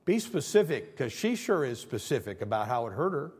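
Impassioned male preacher, lively pitch. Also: brisk, breathy edge. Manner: swings from near-shouting to hushed, acts out prayers; repeats phrases for emphasis, stumbles and restarts. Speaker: pastor. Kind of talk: sermon.

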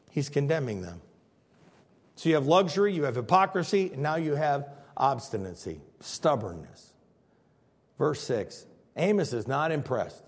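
Animated preacher with a high, lively voice. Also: male voice, breathy edge, big-room sound. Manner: animated, dramatic, acts out quotes, repeats himself. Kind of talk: expository sermon.

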